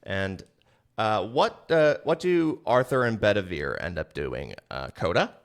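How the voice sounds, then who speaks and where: A chatty man co-hosting a relaxed podcast about a film. His voice sits on the low side, and he talks into a podcast mic. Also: unhurried. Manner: chatty, acts out quoted lines in jumped-up voices. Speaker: podcast co-host. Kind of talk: casual film discussion podcast.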